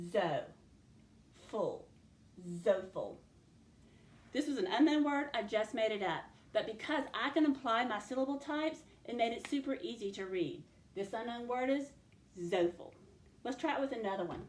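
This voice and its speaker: Woman teacher, clear and methodical, speaking to students in a roomy space. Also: mid-range voice. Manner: clear, step-by-step instructional delivery, addressing students directly. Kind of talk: recorded classroom phonics lesson. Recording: roomy echo.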